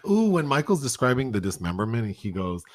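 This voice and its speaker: A man's voice: mid-range voice, fairly quick, no room sound, studio quality. A man co-hosting a podcast, chatting casually about a movie and laughing as he quotes lines. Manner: animated, laughs often, acts out quotes. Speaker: podcast co-host. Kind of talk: casual film review chat.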